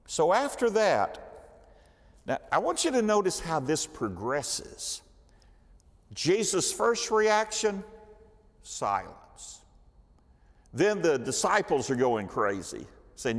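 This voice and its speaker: A man's voice: on the high side, wildly swooping pitch, takes it slowly, long pauses, in a large hall. A man teaching a church Bible study class, telling the story with animation and asking the class questions. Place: church hall.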